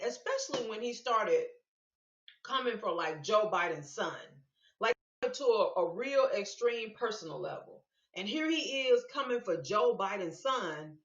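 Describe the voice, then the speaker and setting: A woman vlogger with a fairly high, sharp voice offers casual political commentary, speaking emphatically and repeating words for stress. The sound is dull and lo-fi, recorded in an echoey room.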